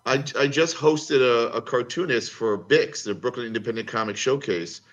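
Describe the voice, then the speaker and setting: A man in casual chat as a guest, telling animated, rambling anecdotes over a video call. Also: medium pitch, moderate pace, highs cut off. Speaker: comics creator guest.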